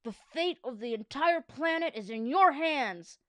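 A woman's voice: sits high, lively intonation, unhurried, dry recording, voice pushed up. A woman voicing a cautious, earnest young schoolboy from a children's book.

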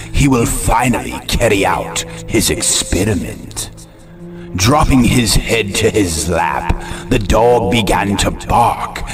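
A man hosting a horror show, narrating a scary story slowly and dramatically, with an ominous tone. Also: lowish voice. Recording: narration over loud music. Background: music.

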